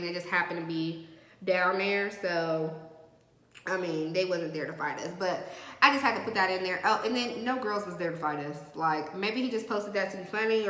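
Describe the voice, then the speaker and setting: Bright-voiced young woman telling a story. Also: mid-range voice. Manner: animated, slangy storytelling with lively quoted voices. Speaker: vlogger. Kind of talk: casual storytime while doing makeup. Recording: echoey room with long reverb.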